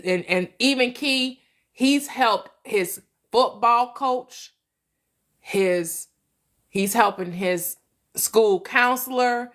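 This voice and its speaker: Woman on a live stream, slow and halting, bright sharp voice, heartfelt and chatty, bit of aave. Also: medium pitch. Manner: slow, halting speech with many restarts and fillers; emotional, heartfelt storytelling. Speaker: host of a manifestation channel. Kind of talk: casual live-stream chat.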